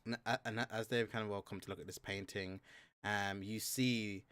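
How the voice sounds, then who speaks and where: A man narrating a fantasy tabletop game as game master, halting with many fillers. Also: on the low side, fairly even intonation, a bit bright, smooth, no echo.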